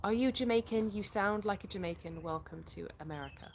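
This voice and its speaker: A woman's voice: mid-range voice, fairly quick, slight background noise. A British woman from the UK hosting a casual livestream, reading out viewer comments and answering them in a chatty way. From United Kingdom.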